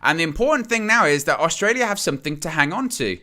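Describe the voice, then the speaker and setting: A man's voice: on the high side, lively intonation, fast, sharp tone. A man hosting a live fan stream, giving casual running commentary on a football match, with fillers and restarts. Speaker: fan channel host.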